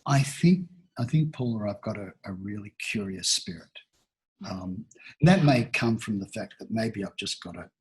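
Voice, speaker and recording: Man, 60s, from Australia, airy and breathy voice, reflective interview guest. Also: fairly low pitch. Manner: thoughtful, rambling, many restarts and fillers. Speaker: talent agency founder, guest.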